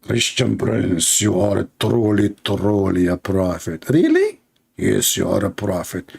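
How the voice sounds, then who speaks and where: Brief: man playing a calm, reassuring male angel, slow and lower, Arabic accent. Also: vocal fry, husky, heavily acted. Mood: solemn.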